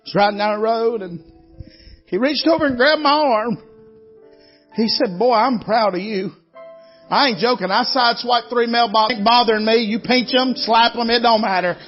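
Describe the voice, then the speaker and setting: A man's voice: very high voice, moderate pace, muffled recording, faint music behind. A man, preaching a sermon in a folksy storytelling way and calling out to the congregation. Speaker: guest preacher. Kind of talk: Southern revival sermon.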